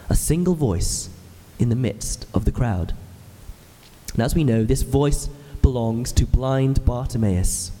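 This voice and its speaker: A man's voice: medium pitch, dark tone, long reverb tail. A man in his thirties, an ordinand, preaching a sermon in a church with earnest, explanatory storytelling. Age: 30s.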